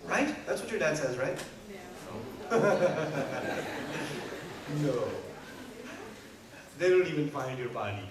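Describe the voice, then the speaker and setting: A man with a fairly high voice gives a lively sermon, firing rhetorical questions and humorous asides at the crowd. He sounds distant from the mic, with heavy room echo and faint background noise. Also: takes it slowly, pauses often. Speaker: preacher. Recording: echoey hall from far off.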